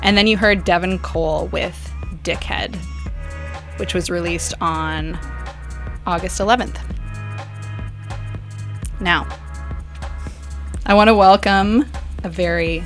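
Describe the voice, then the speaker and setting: A woman's voice: lowish voice, fairly even intonation, a little slow, long pauses, soft background music. A bubbly, upbeat woman, hosting a casual radio show from a studio microphone. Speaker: radio host. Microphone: studio microphone with headphones.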